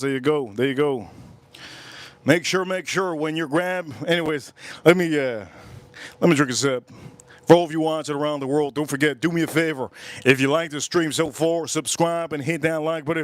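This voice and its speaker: A man's voice: a little high, clear, resonant tone, no room sound. A man hosting a livestream, telling a story in casual chat, rambling and repeating his phrases over and over. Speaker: livestream host.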